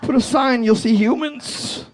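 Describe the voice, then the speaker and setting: A man in his forties performing a high-energy stand-up set, telling a story animatedly on a comedy club stage. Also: measured pace.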